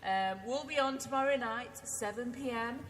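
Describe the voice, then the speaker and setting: A woman's voice: on the high side, moderate pace, in a large hall, a loud crowd, low-quality recording. A British woman co-hosting a casual talk show, teasing and laughing often. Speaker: co-host. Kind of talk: casual chat.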